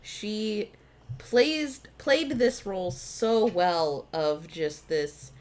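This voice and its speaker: A woman co-hosting a podcast who talks about films with open enthusiasm. Her chat is casual and peppered with swearing, and she is quick to jump in with corrections. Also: mid-range voice, sing-song. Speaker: podcast co-host. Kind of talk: casual movie discussion.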